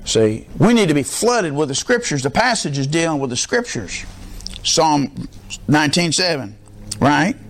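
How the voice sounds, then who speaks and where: A middle-aged male pastor preaching with emphasis, often asking the congregation to fill in the words. His voice sits a little high for a man. A faint hiss runs under the recording. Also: very animated, measured pace. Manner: emphatic, asks the congregation call-and-response questions. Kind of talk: sermon.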